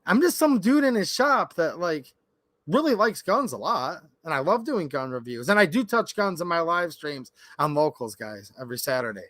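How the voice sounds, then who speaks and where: Streaming live from his Michigan workshop, a gun channel host chats off the cuff, opinionated and constantly addressing his viewers. His fairly high, fairly bright voice swings widely in pitch at a moderate pace, and it sounds dry and close with no room echo.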